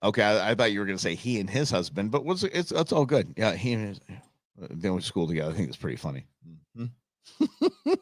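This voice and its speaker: A man running a livestream talks in a sing-song, fast manner with a voice on the low side, keeping things casual with his viewers and laughing often at their comments. There's no echo, and the studio sound is clean.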